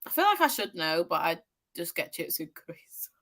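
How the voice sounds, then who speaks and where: A woman teases and jokes through a casual chat, laughing often. Her pitch swings widely as she talks, full of expression. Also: sing-song, a little fast, creaky, fairly bright tone. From North of England. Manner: playful, teasing, lots of laughter. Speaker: podcast co-host.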